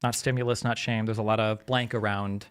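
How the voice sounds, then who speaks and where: Man, slight lisp, rapid delivery, fairly low voice, casual rambling stream talk. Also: level tone, clear, resonant tone. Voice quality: slight lisp on his s sounds. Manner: fast, rambling and talkative. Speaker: streamer and commentator. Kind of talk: casual chat on a livestream.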